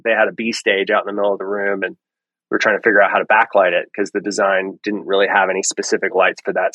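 A man guest on a podcast, explaining in a relaxed way with frequent ums and restarts. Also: fairly low pitch, no room sound, poor audio. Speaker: lighting guest. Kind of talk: casual podcast interview.

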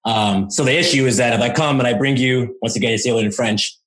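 A man's voice: medium pitch, fast, a bit bright. A man answering interview questions as a language coach, explaining with enthusiasm and demonstrating sounds aloud.

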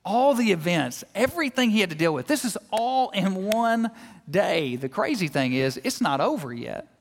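A male guest preacher giving a sermon in a church, telling lively, joking stories and acting out everyday scenes. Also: high voice, normal speed, gravelly, long reverb tail, slight background noise. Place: church sanctuary.

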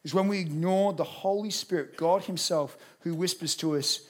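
A man's voice: on the high side, normal speed. A man preaching a sermon as pastor, acting out little dialogues as he goes.

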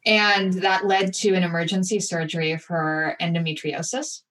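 A woman guest in an interview, telling a personal story candidly and with animated, acted-out asides. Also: on the low side, normal speed, recorded from a distance. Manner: candid, animated retelling with acted-out inner voices.

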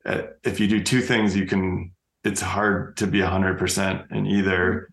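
A man's voice: sits low, flat delivery, moderate pace, creaky, roomy sound. A man who is a scientist speaking casually on a panel discussion, hesitant, with fillers.

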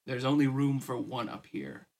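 A man's voice: medium pitch, very animated, moderate pace, creaky, darkish tone. A man playing a cocky teen champion. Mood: smug. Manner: cocky, sly taunting. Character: smug teenage boy, reigning champion, taunting.

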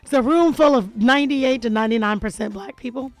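Woman radio host, playful and joking, higher voice, dry close studio sound. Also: quick pace, dry recording, poor audio. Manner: playful, joking, laughs often. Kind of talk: casual radio chat.

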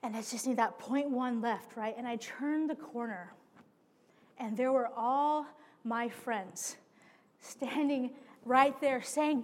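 A woman preacher telling a personal story in a sermon, animated and speaking to her listeners directly as friends. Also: on the high side, slow pace. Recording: long hall reverb.

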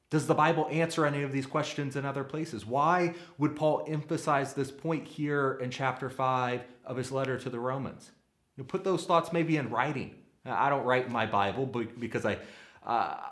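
A man's voice: mid-range voice, roomy sound. A man giving earnest, practical sermon-style teaching, using everyday analogies.

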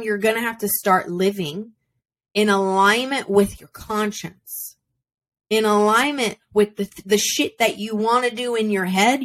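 On her own podcast, a woman with a medium-pitched, slightly bright voice delivers a blunt, profane, fired-up motivational monologue. She records at home on a simple setup, with no soundproofed room.

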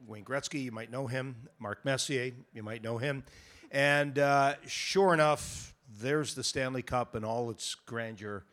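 A man's voice: medium pitch, unhurried, fairly bright tone. An older man from Canada, a retired hockey goalie, telling stories to a live audience in a casual, joking, teasing way. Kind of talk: casual storytelling on a live panel. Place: event hall with a live audience.

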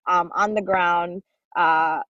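A woman's voice: on the low side, fairly even intonation, slow pace, a bit bright, no room sound. Thoughtful Jamaican-born woman, dull dry recording. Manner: thoughtful, with frequent "um" and "you know". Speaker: documentary film organization representative. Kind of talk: interview answers.

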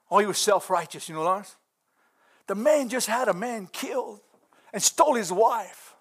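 A man with a strikingly high voice delivers a sermon with fervent intensity. He punctuates his preaching with exclamations and swells into shouts, pressing each point hard. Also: expressive, normal speed, breathy edge.

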